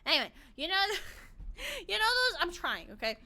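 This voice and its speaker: A woman's voice: very high voice, very animated, a little slow, bright, forceful tone. A woman streaming a game, chatting casually, giggling and rambling, sometimes breaking into playful chants. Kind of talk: casual gameplay commentary.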